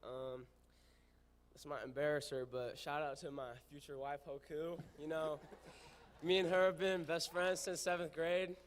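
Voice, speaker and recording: A man's voice: fairly high pitch, little pitch movement, a little slow, slight background noise. A teenage boy, a student athlete, giving an emotional, grateful thank-you speech. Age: teens.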